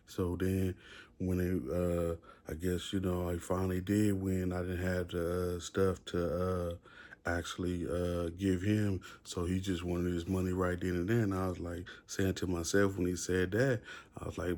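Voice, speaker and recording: A man's voice: sits low, flat delivery, moderate pace. A man casually telling a rambling story full of slang and fillers. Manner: laid-back, rambling, heavy with fillers and slang; acts out the other inmates' shouting.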